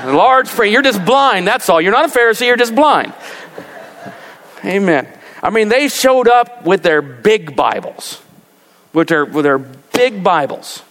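A man preaching a sermon as pastor, animated and rising to emphatic peaks. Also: high voice, measured pace. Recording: long reverb of a large hall.

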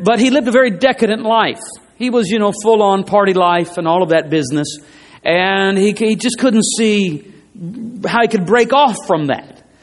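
A man preaching a sermon in an emphatic way, repeating his phrases for stress, in a church. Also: high voice. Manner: emphatic, repeats phrases, rising and falling delivery. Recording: long hall reverb.

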